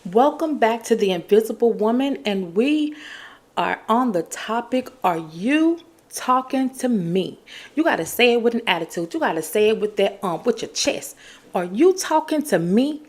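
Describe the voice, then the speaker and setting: A woman's voice: a little high, animated, normal speed. A woman hosting a podcast, talking in an emphatic, encouraging way and repeating her key phrases. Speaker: podcast host. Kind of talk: casual motivational talk.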